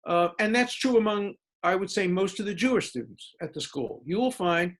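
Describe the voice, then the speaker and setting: A man who is a law professor, answering student questions in a lecture-style talk. He speaks emphatically, piles up lists of words, and turns sarcastic to make a point. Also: moderate pace. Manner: animated speaker with big pitch jumps for emphasis.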